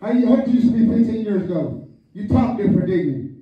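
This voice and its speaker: Older pastor, lively joking sermon, high voice, muffled distant recording in a big echoey church. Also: male voice, fast. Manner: call-and-response preaching, joking asides. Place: church sanctuary. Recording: echoey hall, distant, dull lo-fi.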